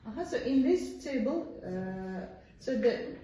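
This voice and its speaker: Her voice is a little high, expressive and dark, moving at a slow pace as this Uzbek-accented English teacher lectures, checking with students via "yes?" and saying "uh-huh" a lot. The classroom echoes and she's distant from the mic.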